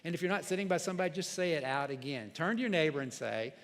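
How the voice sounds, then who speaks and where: A male pastor preaching in a church sanctuary, his voice sitting a little higher than most men's. He talks in a plain, conversational way and often restarts his sentences. The sound carries a long hall reverb. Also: expressive, fast talker, slight background noise. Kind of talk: sermon.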